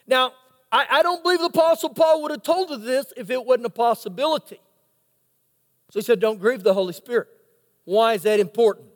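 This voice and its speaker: Male pastor with a very high voice; dramatic sermon storyteller, recorded with long church-hall reverb. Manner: dramatic storytelling with rhetorical questions. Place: church sanctuary.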